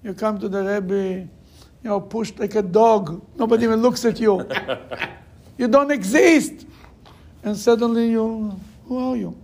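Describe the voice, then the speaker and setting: A man's voice: high-pitched, measured pace, darkish tone. A man teaching a Torah class, emphatic, repeating phrases to drive his points home and telling stories. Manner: acts out quoted people in raised voices.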